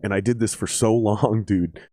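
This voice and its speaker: Podcast host, man, lowish voice, swears freely, lively storyteller; dry recording. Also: moderate pace, no room sound. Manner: profane, energetic storyteller. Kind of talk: casual podcast chat.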